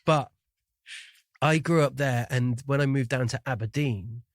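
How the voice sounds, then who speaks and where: A man who grew up in the Shetland Islands and speaks with a faded, neutral accent, hosting a podcast in casual chat, self-deprecating and quick to laugh. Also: medium pitch, dry recording, studio quality. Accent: neutral, faded Scottish. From Shetland Islands, Scotland. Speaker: podcast host.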